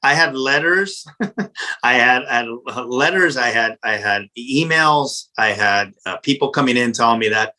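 A middle-aged man, a pizza restaurant owner, telling a story in a casual interview in a blunt, animated, profane way. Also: mid-range voice, measured pace, low-quality recording.

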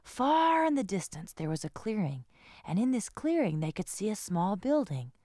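Expressive woman reading a children's story. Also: mid-range voice, moderate pace, no room sound, studio quality. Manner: expressive, sing-song storytelling. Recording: guitar music behind.

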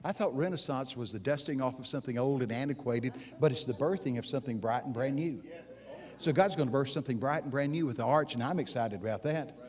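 A man preaching at a conference, folksy and animated, swinging from hushed asides to loud exclamations and asking the audience questions. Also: mid-range voice, fast talker. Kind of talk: conference sermon. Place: live conference session before an audience.

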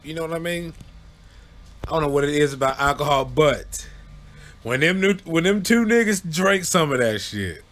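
Animated male storyteller, casual delivery with loud high yelps on quoted lines. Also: normal speed.

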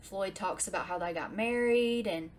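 A woman's voice: medium pitch, normal speed, a little hiss or hum. A woman hosting a casual true-crime podcast, recapping a case in a chatty way and breaking into exasperated rants. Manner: chatty, swings into exasperated ranting. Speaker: podcast host.

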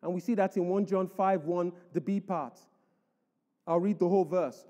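A man's voice: high-pitched, steady tone, normal speed, warm tone. A man preaching a sermon as pastor, emphatic, reading scripture aloud to the church. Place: church hall. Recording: echoey church hall.

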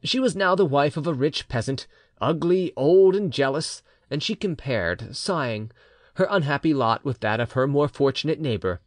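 A man narrating a classic novel as an audiobook reader, with expressive storytelling delivery. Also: a little high, normal speed, no echo, studio quality. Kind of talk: scripted narration.

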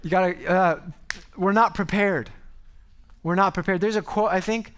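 High-voiced, animated male pastor. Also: moderate pace, clear, resonant tone. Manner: conversational, animated, self-interrupting. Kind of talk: sermon. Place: church service before a congregation.

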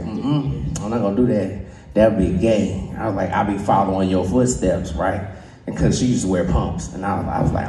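A man doing a stand-up comedy set, who often laughs at his own jokes and jumps into high voices for the people he quotes. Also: mellow, recorded from a distance. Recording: roomy sound from away from the mic.

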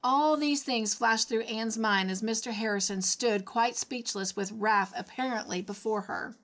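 A woman reading a classic novel aloud as a storyteller, with expressive delivery. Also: on the high side, measured pace. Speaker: storybook reader.

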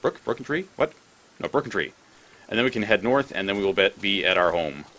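A man's voice: lowish voice, animated, brisk, sharp tone. A man commentating his gameplay, rambling, thinking aloud and swearing freely. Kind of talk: let's play commentary.

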